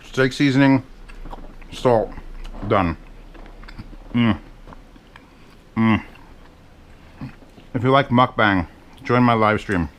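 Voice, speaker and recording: A man's voice: mid-range voice, very slow, pauses often, fairly bright tone. A man chatting casually and rambling with profane, self-mocking asides while he cooks in his home kitchen. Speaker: cooking vlogger. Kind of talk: casual cooking vlog chat.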